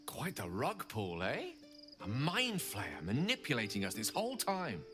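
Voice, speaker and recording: An actor playing a cautious, formal warrior in a video game, speaking in an expressive, measured way. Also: male voice, mid-range voice. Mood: wary. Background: game music and crickets.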